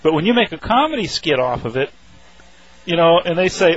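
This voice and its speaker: Man on dull lo-fi radio, halting. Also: fairly high pitch, big pitch swings. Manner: halting, many restarts and fillers. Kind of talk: casual radio talk.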